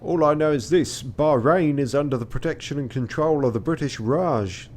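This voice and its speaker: A man voicing a pompous airship captain in a game, declaiming his lines loudly and slowly. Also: fairly high pitch, a little hiss or hum, pitched above the performer's own voice, lightly acted. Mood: proclaiming.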